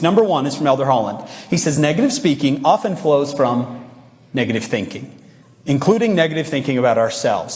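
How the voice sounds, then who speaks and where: A man giving a humorous, lively devotional talk to young people, joking with the audience. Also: fairly high pitch, long reverb tail. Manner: humorous, playful, mimics whiny voices. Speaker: youth speaker. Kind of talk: energetic devotional talk to youth.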